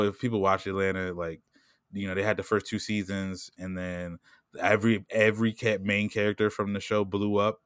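Deep voiced dude just rambling about tv, lots of "like", dry mic. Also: male voice, clean tone, no echo. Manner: rambling, heavy "like" and "you know what I'm saying"; laughs often and puts on quick voices when quoting people. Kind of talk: casual chat.

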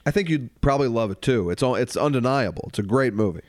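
A man co-hosting a podcast, chatting loosely about movies with quick jokes, bursts of mock singing and frequent laughter. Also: mid-range voice, expressive, a little mellow, dry recording. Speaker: podcast co-host. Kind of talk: casual comedic movie chat.

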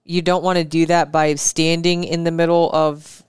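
A woman co-hosting a casual chat, calmly explaining running technique step by step. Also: low-pitched, normal speed, clean tone, no echo, clean studio sound. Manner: calm, explanatory. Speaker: podcast co-host.

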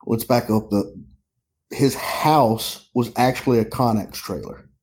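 Mellow-voiced man recounting an incident. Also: medium pitch. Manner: halting, many restarts and repeats. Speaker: sheriff's deputy telling his story. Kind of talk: interview storytelling.

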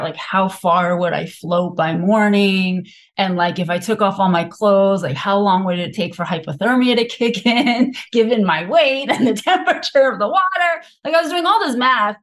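A woman physician, a podcast guest, telling her own story candidly and frankly, with many filler words. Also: mid-range voice. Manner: frank, confessional, heavy use of filler words.

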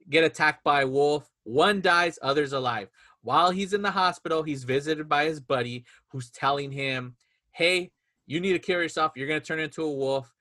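Chatty man retelling a movie. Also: on the high side. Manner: animated storyteller, acts out quotes in voices. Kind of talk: casual movie chat.

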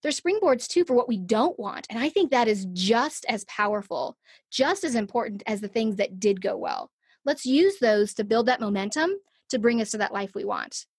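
Breathy animated woman telling a story. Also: on the high side, normal speed, no echo, clean studio sound. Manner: animated storyteller acting out her own thoughts. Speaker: podcast guest. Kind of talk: conversational interview storytelling.

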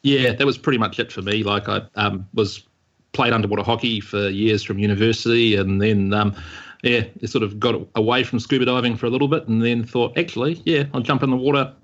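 A man in his forties with a New Zealand accent, answering interview questions in an easygoing, measured way with some hesitant ums. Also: mid-range voice, steady tone, lo-fi sound. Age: 40s. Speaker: podcast guest.

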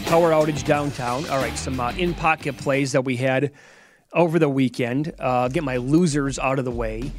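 A man's voice: mid-range voice, normal speed, faint music behind. A man hosting a sports betting show from a casino sportsbook studio, running through his bets in a wry, matter-of-fact way.

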